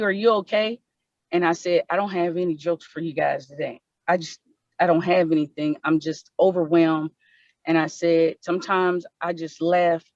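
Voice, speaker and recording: A woman speaks on an online panel and tells a painful personal story with steady earnestness. She often restarts and repeats words as she talks. Her voice comes through a muffled, lo-fi call with a dry sound. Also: lowish voice, no room sound. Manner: earnest, repeats herself when moved. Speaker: panel presenter. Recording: dull lo-fi online call audio.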